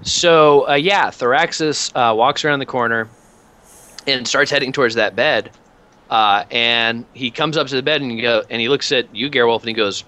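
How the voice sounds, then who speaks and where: A man's voice: mid-range voice, normal speed, sharp tone, rough recording. A man running a tabletop game as game master, narrating casually with lots of hesitations. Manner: casual, hesitant with many fillers.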